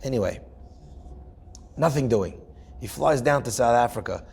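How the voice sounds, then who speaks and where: A man's voice: mid-range voice, expressive, moderate pace, creaky, darkish tone, breathy edge. A man, a rabbi, telling a Torah story vividly, acting out the dialogue of its people.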